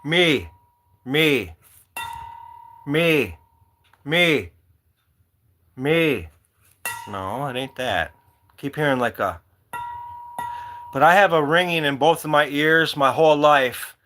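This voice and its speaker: A man's voice: fairly high pitch, a little slow, long pauses, a bit bright, slight background noise. A man hosting a casual livestream, rambling from one story to the next and talking to his viewers by name. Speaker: livestream host. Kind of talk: casual live-stream chat.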